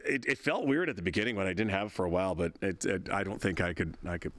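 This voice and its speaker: A man's voice: low-pitched, fast talker, a bit bright, dry recording. A man in his sixties, a veteran broadcaster and interview guest, telling stories in a chatty, rambling way with frequent laughs and restarts. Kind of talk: casual interview storytelling.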